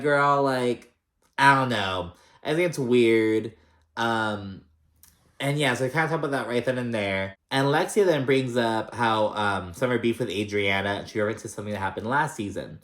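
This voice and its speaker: Brief: male recap vlogger, mid-pitched, catty and sweary, loose chatty delivery, room echo. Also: moderate pace, fairly bright tone. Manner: chatty, gossipy and profane, with frequent fillers. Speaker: reality TV recap host. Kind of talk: casual recap commentary. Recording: roomy echo.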